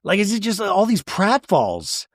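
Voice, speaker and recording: A man's voice: high-pitched, huge pitch swings, measured pace, no echo. Wry man recapping with dry sound. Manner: wry, storytelling, casual swearing. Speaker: podcast host. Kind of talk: comedic recap commentary.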